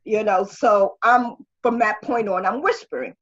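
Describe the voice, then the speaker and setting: Husky older woman on a muffled call. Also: fairly high pitch, a little slow. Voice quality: husky, strained voice after throat surgery. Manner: rambling, with many restarts and fillers. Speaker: guest. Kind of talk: conversational interview.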